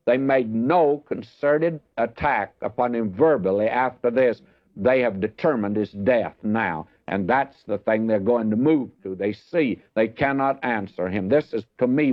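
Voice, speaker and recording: A man delivers a verse-by-verse Bible teaching in an earnest, emphatic manner, often turning to address his listeners directly. His voice sits at an ordinary middle pitch. The recording is dry and dull, with a muffled lo-fi tone. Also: no echo.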